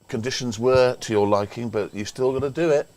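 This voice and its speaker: A man's voice: mid-range voice, a little fast, a little mellow. An older man commentating on a local cricket match in a chatty, rambling way, full of anecdotes. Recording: faint background noise.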